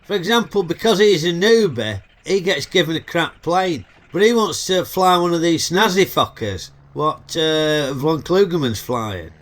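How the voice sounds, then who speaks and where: A man's voice: fairly high pitch, animated, measured pace, hardly any pauses, fairly bright tone. A middle-aged man with a Yorkshire accent, hosting a chatty, cheeky comedic film review full of dialect banter. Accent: Northern English, Yorkshire.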